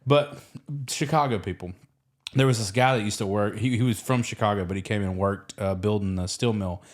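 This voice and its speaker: A man with a Southern American accent hosting a podcast, chatting casually in an animated, joking way and swearing freely. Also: fairly low pitch, brisk. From Alabama, US. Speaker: podcast host.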